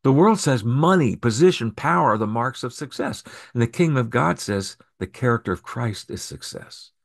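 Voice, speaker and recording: A male pastor delivers a sermon in an ordinary mid-range voice. He punches key lines with sharp jumps in pitch and volume. When he reads scripture, he settles into an even narrating tone. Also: moderate pace, vocal fry. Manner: emphatic preaching with sharp rises in pitch and volume on key phrases.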